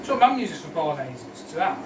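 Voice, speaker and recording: A man's voice: fairly high pitch, big pitch swings, fast talker, noisy background. A young man cooking with a friend at home, chatting crudely and joking, heard in an echoey kitchen from some distance. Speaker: co-host. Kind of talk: casual chat while cooking.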